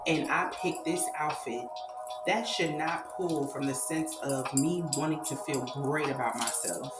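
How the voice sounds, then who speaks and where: A woman with a deep, low voice delivers an impassioned, preachy spiritual monologue, cursing freely as she drives her points home. Her voice rings in a roomy, echoing space, with loud music playing behind her. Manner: emphatic and preachy, swearing freely. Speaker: spiritual content creator.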